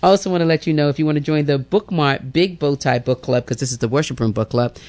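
A man hosting a radio show, reading announcements and giving a lively devotional that repeats phrases and calls listeners family. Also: mid-range voice. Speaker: radio host.

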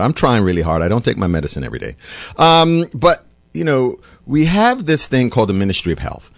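Guy ranting about stuff, pitch all over the place, dry close sound. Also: no room sound. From Bermuda. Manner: impassioned, rambling, pitch swinging widely. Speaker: doctor and show host. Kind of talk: opinionated monologue.

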